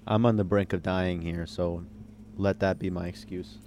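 A man's voice: deep voice, steady tone, moderate pace, a little mellow, a little hiss or hum. A man playing a tabletop game, talking in a laid-back, hesitant way. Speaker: player. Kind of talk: casual tabletop game chat.

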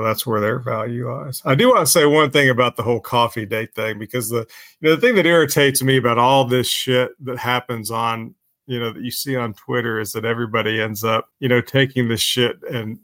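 A man's voice: medium pitch, a bit bright, no room sound. A man in a casual livestream chat, rambling with lots of fillers and crude language. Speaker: podcast co-host.

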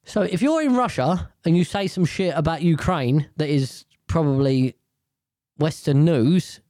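A rambling man reacting to the headlines with a sweary, offhand tone and constant restarts. His voice sits slightly high for a man, and the recording is dry with no room sound. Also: animated, measured pace, dark tone, no echo. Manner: rambling, sweary, self-correcting. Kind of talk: casual commentary on the news.

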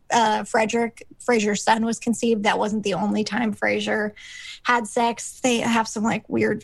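A woman's voice: fairly high pitch, vocal fry, no room sound. A woman co-hosting a podcast, recapping a sitcom episode in a rambling, casual way with lots of fillers, acting out the characters' lines. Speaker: podcast co-host.

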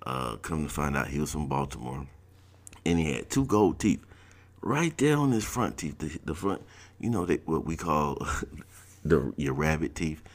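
A man's voice: very deep voice, sing-song, unhurried. A man from South Georgia, casually telling a personal story in a laid-back, slangy way.

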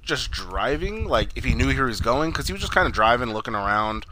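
A man's voice: medium pitch, sing-song, a little fast, bright, forceful tone, a little hiss or hum, low-quality recording. A man casually recapping a TV episode, rambling, cursing freely and acting out the characters' lines. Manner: rambling, swears a lot, acts out quotes. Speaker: podcast co-host.

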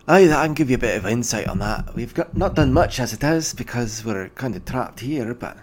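A man's voice: mid-range voice, lively intonation, fairly quick, voice pushed up, lightly acted. A man voicing an older male dwarf official who sounds tired and placating, like a worn-out bureaucrat. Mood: weary, wry.

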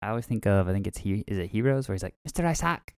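A man's voice: on the low side, rapid-fire, mellow, clear, resonant tone, no echo. A man co-hosting a podcast, chatting casually with playful, dry jokes. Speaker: podcast co-host. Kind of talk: casual chat.

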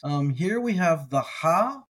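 A man teaching, sounding out words slowly with pauses and restarts, then explaining in a relaxed, chatty way. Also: a little high, breathy edge, poor audio. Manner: relaxed and chatty between readings. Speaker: Hebrew teacher. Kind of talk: slow word-by-word reading lesson.

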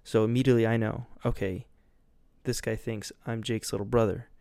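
A man's voice: lowish voice, steady tone, moderate pace, creaky, dark tone, dry recording, clean studio sound. A young man rambling casually as a podcast host, loose and goofy, with lots of fillers and swearing.

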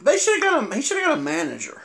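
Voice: sits high, wildly swooping pitch, very fast, vocal fry, pushed and bright. A podcast co-host in casual wrestling chat, laughing often and easily tickled.

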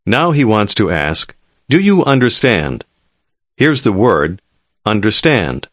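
A man narrating a language lesson in a calm, measured, clearly enunciated scripted delivery. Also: lowish voice, no room sound, studio quality.

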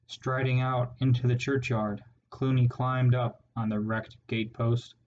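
A man reading a storybook aloud as narrator, steady and measured. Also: medium pitch, muffled recording. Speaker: audiobook narrator.

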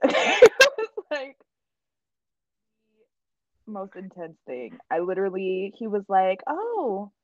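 A woman in casual chat, telling a story with animated energy, swearing and laughing often. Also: medium pitch, slow, pauses often, no echo, lo-fi sound.

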